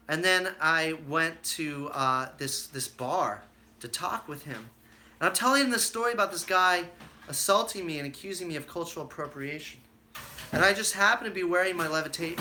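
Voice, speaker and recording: A man's voice: fairly high pitch, bright, forceful tone. A man hosting his own live stream, chatting casually and telling stories with plenty of fillers and acted-out quotes.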